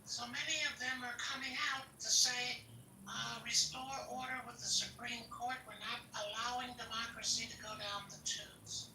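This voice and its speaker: A man's voice: very high voice, flat delivery, moderate pace, pushed and bright, far from the mic. A man in a heated political podcast debate, blunt and combative, swearing and talking over others. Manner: blunt, combative, profane, interrupts. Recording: echoey, off-mic with faint noise.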